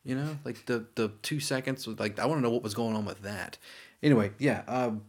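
A man co-hosting a podcast with his brother, telling chatty stories with quick asides. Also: mid-range voice. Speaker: podcast co-host. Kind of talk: casual chat.

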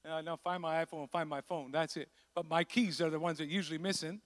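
A male pastor delivers a sermon with a fairly high voice, lively and acting out the people in his story. His words ring out with a long reverb that fills the church around him. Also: quick pace. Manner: animated, acts out voices of the disciples.

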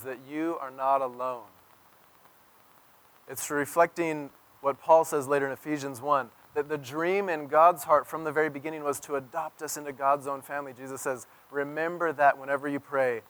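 Animated male pastor preaching. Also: fairly high pitch. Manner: storytelling, swings from loud emphasis to near-whisper. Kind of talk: sermon.

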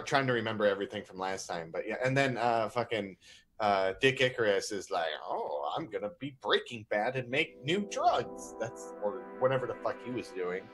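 A man introducing his character in a rambling, crude, joking way. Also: medium pitch. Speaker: player. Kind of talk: casual chat.

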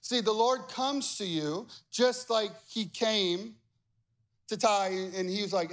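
A man preaching a sermon as pastor, animated and acting out the voices of the people he quotes. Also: high voice, unhurried.

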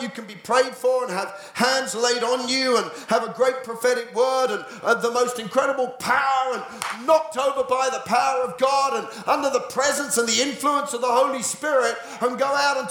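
A male pastor preaching a sermon, moving from dramatic, animated storytelling to hushed, near-whispered passages. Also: very high voice. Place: church. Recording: echoey church hall.

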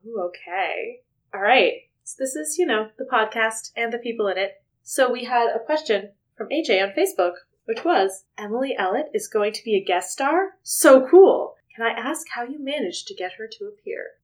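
A woman's voice: on the high side, animated, normal speed. A woman co-hosting a podcast in casual, playful chat, laughing often. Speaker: podcast co-host.

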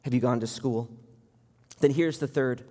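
Earnest pastor in a reverberant hall. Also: male voice, mid-range voice, normal speed, a little mellow. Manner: earnest, rising to impassioned appeals. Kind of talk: sermon.

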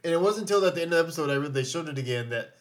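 A man's voice: on the high side, lively intonation, racing. A man co-hosting a casual podcast, recapping a TV episode with jokes and swearing, acting out the characters' lines. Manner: profane, joking, acts out characters' lines. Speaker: podcast co-host.

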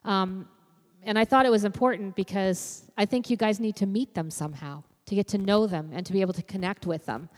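A woman's voice: medium pitch, fairly quick. Woman preaching in a reverberant church hall. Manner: conversational, frequent "you know" fillers. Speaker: youth and children's minister. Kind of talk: informal church sermon. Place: church sanctuary.

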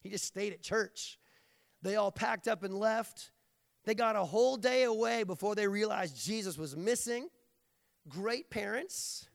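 A man's voice: high-pitched, a little slow, vocal fry. Man, preacher, sermon, playful jokey delivery, long hall reverb.

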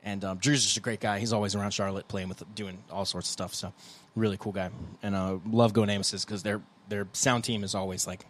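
A young man co-hosting a casual podcast, rambling in a laid-back way and breaking into loud goofy impressions. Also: lowish voice, level tone, fairly quick. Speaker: podcast co-host, guitarist. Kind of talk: casual chat.

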